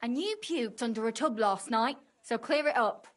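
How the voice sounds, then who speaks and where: An actress playing an impatient woman who runs a tavern in a video game, scolding and giving brisk orders. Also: on the high side, lightly acted. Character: bossy woman running a tavern, impatient and practical.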